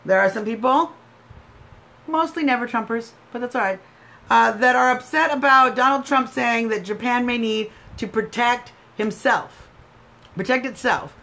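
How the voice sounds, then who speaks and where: Brief: emphatic, argumentative American woman, livestream host, fairly high voice. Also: expressive, measured pace, pushed and bright. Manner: emphatic, argumentative, answers viewer comments. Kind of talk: live political commentary.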